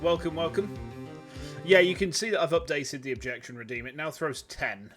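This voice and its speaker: A man's voice: on the high side, moderate pace. A man streaming a game, chatty and rambling, with a sore throat. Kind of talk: game livestream chat. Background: background music.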